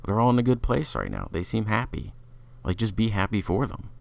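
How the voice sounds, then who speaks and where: Gravelly deep-voiced man. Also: wildly swooping pitch, fairly quick, darkish tone. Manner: opinionated, chatty, filler-heavy. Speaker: music reviewer. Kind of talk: casual album review.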